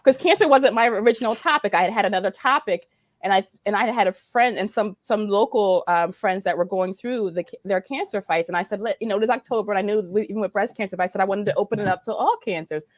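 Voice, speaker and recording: Fast-talking woman hosting a chat. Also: mid-range voice, dry recording. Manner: chatty and affirming, quick to agree. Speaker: host. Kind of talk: casual conversation, interviewing. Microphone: remote video call.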